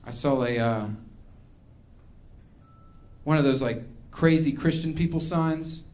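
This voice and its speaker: Animated man ranting through stand-up. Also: fairly high pitch, takes it slowly. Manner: animated, mock-angry ranting. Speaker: stand-up comedian. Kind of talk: stand-up comedy set.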